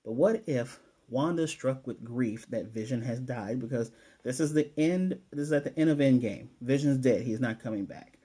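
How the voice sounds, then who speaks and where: Man, episode reviewer, casual recap, mellow tone, average pitch, rambling, lots of fillers. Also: moderate pace, slightly rough. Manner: rambling, loose, with frequent fillers and self-corrections. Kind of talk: casual spoiler recap and theorizing.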